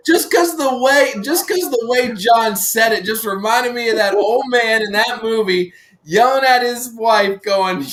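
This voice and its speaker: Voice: mid-range voice, takes it slowly, fairly bright tone, slight background noise. A co-host in a casual live-stream chat, giggling through stories.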